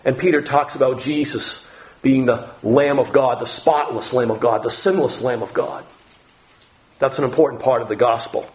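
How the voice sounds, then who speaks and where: A man's voice: medium pitch, steady tone, moderate pace. A man preaching a Bible lesson, reading scripture aloud and explaining it as he goes. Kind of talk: Bible teaching.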